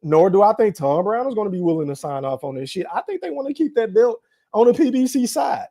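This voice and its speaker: Animated man hosting a live boxing podcast. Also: high voice, quick pace. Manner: animated, laughs often, talks straight to the chat. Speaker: podcast host. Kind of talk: casual live-stream commentary.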